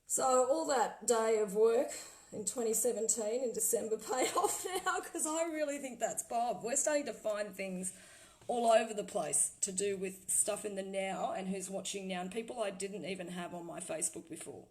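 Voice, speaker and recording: Woman host of a casual livestream vlog, excitable and chatty, mid-range pitch. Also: moderate pace, rough recording. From Australia. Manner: excited, trailing off, laughing often. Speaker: vlogger playing spirit recordings.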